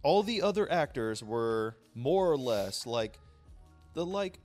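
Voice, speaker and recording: A man in casual podcast chat, ranting with lots of swearing. His voice sits at an ordinary middle pitch but jumps up sharply when he gets worked up. Faint music plays underneath. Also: slow. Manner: animated, profane ranting. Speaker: podcast co-host.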